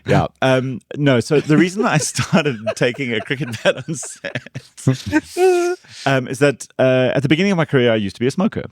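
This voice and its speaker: A middle-aged man, a film director guesting on a casual podcast, telling stories in an animated way. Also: mid-range voice, normal speed, dry recording, clean studio sound. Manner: animated storyteller.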